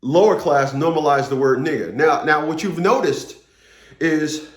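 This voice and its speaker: A political commentator rambles through a casual monologue, ranting, repeating words and swearing. His voice sits a little high with lively intonation, he keeps a measured pace, and the room is reverberant.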